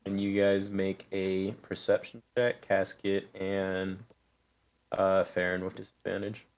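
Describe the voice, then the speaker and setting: A young man narrates a tabletop game as game master in a fairly low voice. He talks in halting bursts, restarting sentences as he goes. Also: little pitch movement, slight background noise. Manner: halting, full of fillers and restarts.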